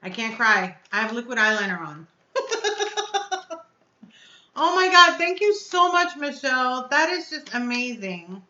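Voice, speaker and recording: A woman's voice: high-pitched, sing-song, unhurried, pauses often, bright, forceful tone, reverberant, dull audio. A woman hosting a casual live stream, chatting effusively and answering her viewers' comments aloud. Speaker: vape reviewer hosting a live chat.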